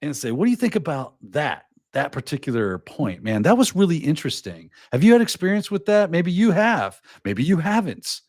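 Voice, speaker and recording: This man's pitch is fairly high, and he talks at a moderate pace with almost no pauses. The studio sound is clean with no room noise. He's a lively podcast host on a casual live show, giving advice and acting out quoted mini-scenes.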